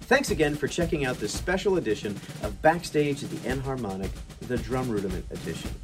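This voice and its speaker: A male host introducing guest drummers and closing the show. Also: mid-range voice. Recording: distant mic with loud music.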